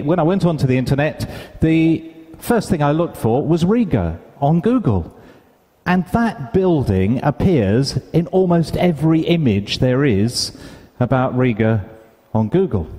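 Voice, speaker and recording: A man from the UK tells an anecdote at a conference and acts out each line of dialogue with relish. His voice is warm and mellow at an ordinary pitch. A long hall reverb trails after his words. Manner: animated storyteller, acts out quoted dialogue. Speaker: conference speaker. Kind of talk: storytelling keynote talk. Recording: hall reverb, live stage sound.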